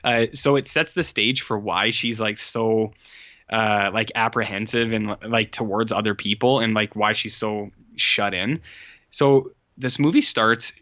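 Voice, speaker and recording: A man's voice: lowish voice, steady tone, a little slow, pushed and bright, no room sound, highs cut off. A man co-hosting a podcast, casually recapping a film in a rambling way, full of likes and uhs. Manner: rambling, filler-heavy storytelling. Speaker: podcast co-host. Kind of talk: casual movie recap chat.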